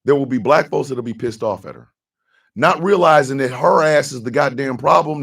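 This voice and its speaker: A man from the United States hosting a radio morning show, giving fiery, profane commentary that bursts into shouting. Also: mid-range voice, normal speed, vocal fry, slightly rough.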